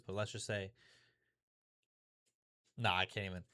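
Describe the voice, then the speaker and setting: A man's voice: fairly low pitch, level tone, fairly quick, long pauses, a bit bright, clean tone, no echo. A young man vlogging in a frank, rambling way, swearing often and restarting his sentences as he talks things through. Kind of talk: confessional vlog.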